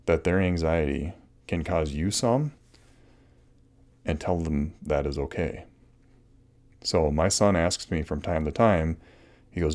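A man's voice: low voice, measured pace, pauses often, a little mellow. A middle-aged man hosting a solo advice podcast, talking earnestly and casually with many restarts and fillers. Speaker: podcast host.

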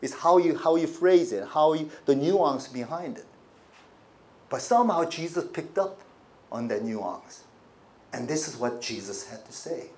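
A man preaching a sermon in a conversational way, asking the listeners rhetorical questions and swinging between quiet asides and emphatic points. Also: a little high, animated, unhurried. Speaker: pastor.

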